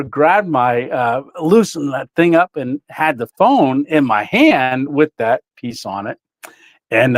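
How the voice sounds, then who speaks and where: A man's voice: fairly high pitch, no room sound. Chatty man hosting a casual livestream. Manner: rambling storyteller, frequent fillers and laughs. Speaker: livestream host. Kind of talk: casual livestream chat with viewers.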